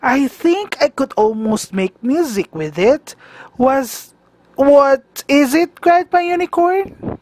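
A woman's voice: high voice, expressive, slow, a little mellow. A woman voicing an eager, cheerful young male unicorn in a read-aloud storybook. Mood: excited.

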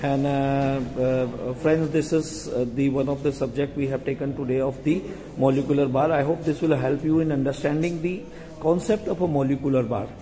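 A man with an Indian English accent talks slowly and hesitantly, filling gaps with many fillers as he guides a casual vlog tour. His voice is mellow and dark. A long reverb hangs around him in a large hall. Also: mid-range voice, steady tone. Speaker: hospitality vlogger.

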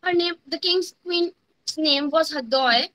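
A teenage girl with an Indian English accent narrating a folk tale for a school competition, expressive and acting out the characters' lines. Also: extremely high pitch, normal speed, poor audio. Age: teens. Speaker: student storyteller. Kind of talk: school story narration with voice modulation. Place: home, online competition.

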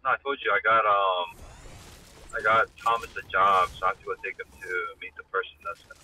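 A young man streaming from his car, teasing his friends in profane banter while his voice is going hoarse. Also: lowish voice, steady tone, quick pace, pushed and bright, slight background noise, poor audio. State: losing his voice. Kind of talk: casual chat with friends.

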